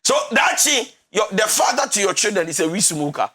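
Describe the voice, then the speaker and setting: A man with a Ghanaian English accent who counsels listeners on a talk show. His voice sits high and sounds bright and forceful. He talks emphatically like a preacher, mixes in Twi and slides into half-sung lines. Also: big pitch swings, a little fast, faint music behind. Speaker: relationship counselor.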